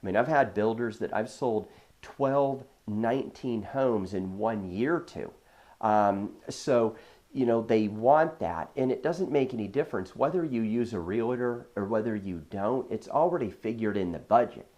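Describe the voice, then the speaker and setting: In a lowish, slightly mellow voice, a man speaks unhurriedly on a muffled recording. He's a real estate agent offering relaxed advice and anecdotes from his deals, acting out the dialogue conversationally with frequent fillers.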